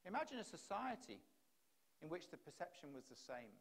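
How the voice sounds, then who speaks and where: A man's voice: fairly high pitch, very animated, brisk, creaky, fairly bright tone. A man giving a keynote speech at a conference, building his points through repeated rhetorical questions into a stage microphone. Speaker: conference speaker. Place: conference hall.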